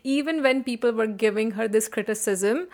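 Animated woman sharing film opinions. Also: fairly high pitch, moderate pace. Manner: animated, opinionated, laughs often. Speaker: podcast co-host. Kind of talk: casual film review chat.

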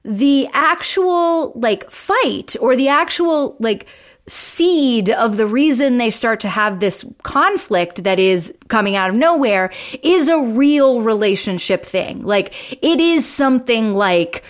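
A woman's voice: on the high side, animated, slow pace. A woman co-hosting a podcast, animatedly retelling a TV episode in casual chat, full of "like". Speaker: podcast co-host.

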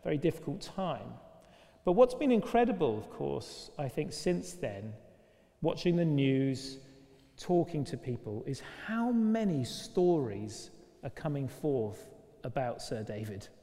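A man preaching a sermon in a lively, conversational way, full of rhetorical questions, recorded in a church. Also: a little high, a little slow, gravelly. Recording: long reverb of a large church.

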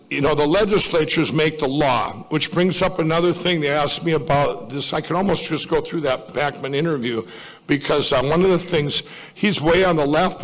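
A man's voice: fairly high pitch, a bit bright. Rambling man in an echoing hall. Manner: digressive, self-correcting, folksy. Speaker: speaker at a political event. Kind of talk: rambling public speech. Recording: long reverb of a large hall.

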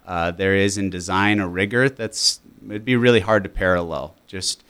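Low, smooth-voiced male teacher guest. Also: fairly even intonation, normal speed, fairly bright tone. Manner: explanatory, many fillers and restarts. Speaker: school language coordinator. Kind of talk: radio interview guest.

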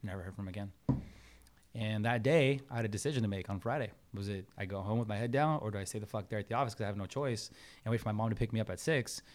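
Fast-talking man telling a story. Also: on the low side. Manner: animated storyteller, acts out quotes, swears, says "bro" and "man". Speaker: podcast guest. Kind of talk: casual storytelling interview.

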